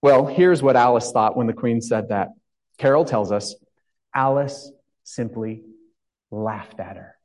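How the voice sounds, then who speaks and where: A man's voice: mid-range voice, unhurried, darkish tone, low-quality recording. Man preaching a sermon, chatty and reflective, lots of questions to the pews. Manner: conversational, asks the congregation questions. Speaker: pastor.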